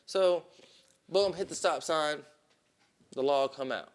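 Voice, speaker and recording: A man on a podcast telling a long story in casual, profane talk, with plenty of "boom" and "right?". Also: slow, clear, resonant tone. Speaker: podcast co-host.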